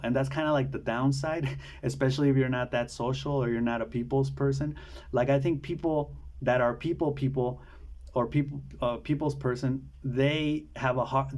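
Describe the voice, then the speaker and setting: A man's voice: medium pitch, darkish tone. A man talking casually to camera in a rambling monologue, with many fillers and repeated words. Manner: mimics people from a film in quick put-on voices. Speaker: video essayist.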